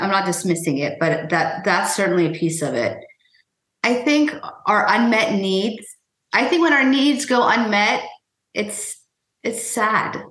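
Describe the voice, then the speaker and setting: Measured, reflective woman in an echoey room. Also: medium pitch, a bit bright. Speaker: author and weight-loss guest. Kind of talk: interview answers.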